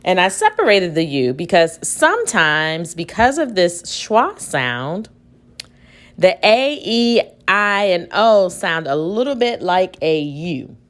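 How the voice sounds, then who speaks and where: A woman's voice: lowish voice, big pitch swings, takes it slowly. A woman teacher giving a recorded reading lesson for children at home, patiently sounding out words aloud.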